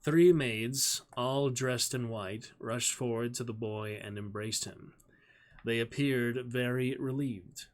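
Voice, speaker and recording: A man on a live stream reads a novel aloud at a medium pitch. He talks in a friendly, chatty way with viewers between passages, speaking into a desk microphone. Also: steady tone, slow pace. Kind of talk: live-stream chat and book reading.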